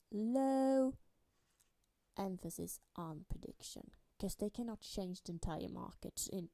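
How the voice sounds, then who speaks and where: Woman lecturer with a gravelly, warm voice, walking students through a diagram. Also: lowish voice, no room sound. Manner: explanatory, walks through a diagram step by step. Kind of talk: recorded lecture.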